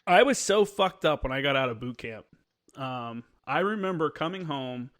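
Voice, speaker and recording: A man's voice: mid-range voice, expressive, moderate pace, a bit bright. A man who is a former Marine, telling stories as a podcast guest in a loose, profane way and acting out the people in them. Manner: profane, acts out voices in his stories. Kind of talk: casual storytelling.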